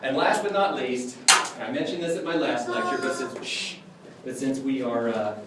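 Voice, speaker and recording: A man lecturing on clown magic and demonstrating tricks to a class in an animated, jokey way, often acting out his exchanges with kids. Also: medium pitch, moderate pace. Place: lecture room. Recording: echoey room, far from the mic, background noise.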